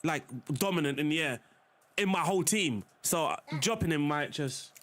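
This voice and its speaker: A man's voice: fairly high pitch, moderate pace, a bit bright. A young man live-streaming a football management game, chatting casually to his viewers as he plays. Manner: chatty, talks to chat while playing.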